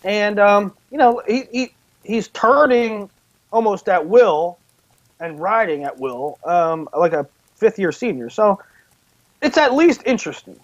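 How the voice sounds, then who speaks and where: A man in a casual sports talk, speaking in an animated, stop-start way. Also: high-pitched, measured pace. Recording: dull lo-fi audio.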